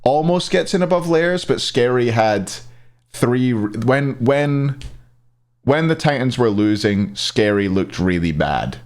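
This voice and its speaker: A man's voice: mid-range voice, lively intonation, slow pace. A young man with a light Scottish accent, streaming and giving casual, opinionated rankings while chatting with his viewers. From Scotland. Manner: opinionated, chatty, reads and answers chat. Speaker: streamer ranking esports players. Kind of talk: casual live-stream commentary.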